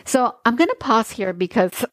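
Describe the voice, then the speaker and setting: Excited woman host reading a book and gushing about it, dry sound. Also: fairly high pitch, moderate pace, no room sound. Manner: enthusiastic, gushing. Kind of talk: reading aloud and commentary.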